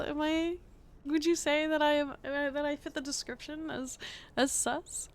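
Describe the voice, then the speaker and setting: A young woman streaming live, chatting casually and excitably to her chat, rambling and laughing at herself. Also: sits high, measured pace. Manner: excitable, rambling, self-deprecating, laughs often. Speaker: VTuber streamer.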